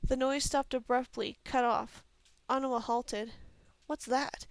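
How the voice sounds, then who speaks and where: A woman reading a fantasy novel aloud as a steady, even storyteller from a home recording. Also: fairly high pitch, unhurried, clean tone, no echo. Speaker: audiobook reader. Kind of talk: scripted fantasy novel narration.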